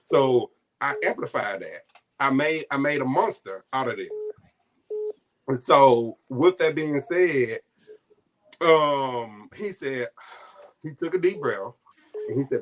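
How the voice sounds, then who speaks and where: A man's voice: medium pitch, slow pace, long pauses. Guy telling a personal family story, gets choked up, does everyone's voices. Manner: emotional, heartfelt, choking up at times; animated retelling with quoted voices. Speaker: guest storyteller.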